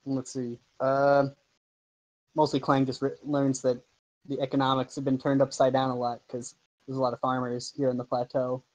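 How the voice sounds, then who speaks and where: A man's voice: medium pitch, monotone, normal speed, a little mellow, rough recording. A man running a tabletop game as game master, narrating loosely with many fillers and restarts. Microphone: home microphone over an online call.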